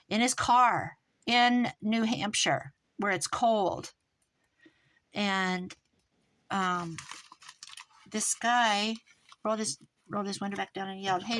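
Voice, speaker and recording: A middle-aged American woman telling a long story in casual chat, rambling and animated, with restarts and quoted dialogue. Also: medium pitch, low-quality recording. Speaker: crafting vlogger.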